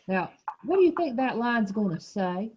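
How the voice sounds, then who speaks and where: A woman's voice: a little high, very animated, moderate pace, lo-fi sound, noisy background. A woman teacher leading a small reading group over a video call, asking questions and explaining words patiently.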